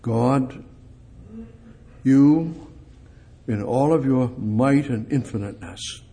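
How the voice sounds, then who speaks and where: A man preaching a sermon, speaking directly to God and repeating short phrases, swinging between loud emphatic lines and soft, hushed ones. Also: medium pitch, slow pace. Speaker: pastor.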